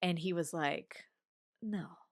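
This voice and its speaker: Her fairly low voice moves at a moderate pace in a studio-quality recording with no room sound. The forties-aged woman is a guest on an interview show, animatedly recounting a personal story in conversation and performing what others said.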